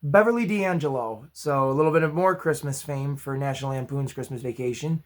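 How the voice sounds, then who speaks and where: A man hosting his own movie review channel, chatty and upbeat with self-deprecating asides, his voice going hoarse. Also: medium pitch, brisk. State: losing his voice. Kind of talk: casual spoken movie review.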